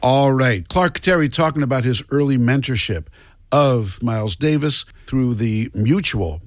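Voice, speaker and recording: A man's voice: mid-range voice, lively intonation, measured pace, no room sound. A man hosting a radio program, introducing and explaining archive clips in a plain way. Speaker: radio host.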